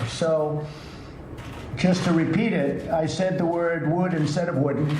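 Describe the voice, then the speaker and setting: A man with a slightly high voice delivers a prepared statement, deliberately repeating his points. The clip sounds roomy, with clear background noise.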